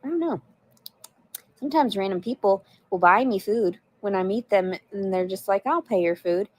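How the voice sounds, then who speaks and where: A woman's voice: medium pitch, normal speed, a little mellow. A woman chatting on a livestream, answering viewers in a blunt, profane, rambling way. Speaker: livestreamer reading chat. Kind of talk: casual livestream chat.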